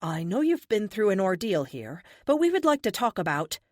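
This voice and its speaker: A woman voicing a gentle, persuasive young woman with a honeyed, soothing voice in an audiobook. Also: medium pitch, very animated, normal speed, dry recording, studio quality, lightly acted. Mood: coaxing. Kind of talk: audiobook character voice.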